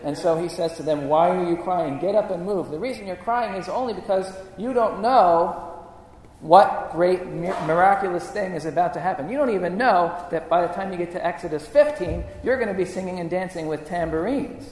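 A man's voice: high-pitched, lively intonation, a little fast, darkish tone. A man preaching a sermon, reading scripture and asking earnest rhetorical questions. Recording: echoey hall reverb, faint room noise.

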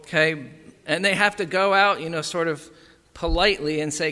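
Slightly high, bright, and forceful, this man's voice moves at a moderate pace through a conversational sermon full of "right?" and "okay" check-ins. Long hall reverb fills the recording.

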